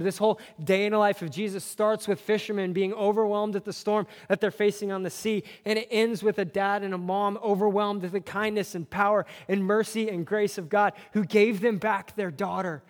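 A man's voice: high-pitched, little pitch movement, fairly quick, few pauses. A man preaching a sermon as a pastor, earnest, with repeated phrases that build on each other. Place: church sanctuary. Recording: long reverb of a church hall.

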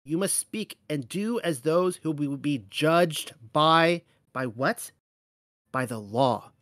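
A man reading scripture aloud and commenting on it as host of a Bible teaching show, slow and measured on the verses and fast and animated in between. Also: fairly high pitch, no echo, clean studio sound.

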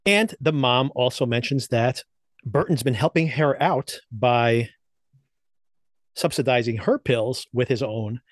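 A man's voice: mid-range voice, measured pace, dry recording. A man co-hosting a podcast, casually recapping and reviewing TV episodes with loose, chatty phrasing. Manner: loose, chatty recapping with frequent laughs and fillers. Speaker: podcast co-host.

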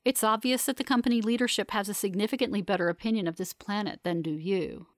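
A woman voicing a stern male security commander with a measured, blunt manner. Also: medium pitch, steady tone, no echo, studio quality, natural voice.

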